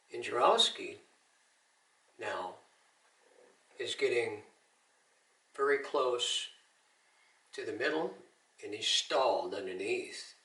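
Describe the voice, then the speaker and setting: Older man with a bright voice. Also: on the low side, roomy sound, far from the mic, low-quality recording. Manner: earnest storytelling with Christian encouragement. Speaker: Army veteran telling his story. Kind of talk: personal testimony.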